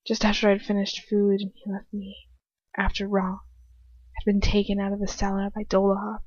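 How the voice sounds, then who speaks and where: A woman's voice: medium pitch, little pitch movement, moderate pace, long pauses, a little mellow, husky, dry recording, muffled recording. A woman reading a fanfiction story aloud in the first person, dramatic, and stopping now and then to comment. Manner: dramatic, breaking off into laughing commentary. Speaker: fanfiction reader.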